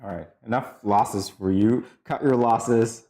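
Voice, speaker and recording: A man with a notably deep, low voice co-hosting a morning show. He keeps the banter loose and easygoing, laughing as he talks. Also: fairly even intonation, a little slow, dark tone. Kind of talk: casual studio banter.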